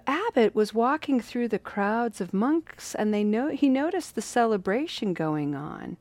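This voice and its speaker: A woman telling a story in a casual, lively, playful way with drawn-out phrasing. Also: mid-range voice, no room sound.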